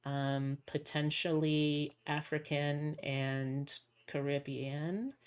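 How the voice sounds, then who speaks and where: Low-voiced, unhurried woman streamer. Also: steady tone, smooth. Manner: rambling, indecisive, self-mocking. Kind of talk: casual livestream chat.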